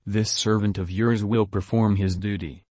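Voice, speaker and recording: A man's voice: lowish voice, fairly even intonation, moderate pace, mellow, breathy edge, dry recording. A man voicing a humble, devoted male disciple who pleads earnestly in a storytelling reading.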